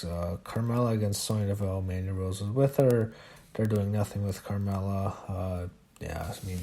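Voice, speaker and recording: A man talks through a wrestling show in a loose, unscripted recap, his voice sitting on the low side. He is blunt and profane, waving off segments he finds boring, and his sentences stall on fillers and restarts. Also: darkish tone, slight background noise. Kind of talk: casual recap monologue.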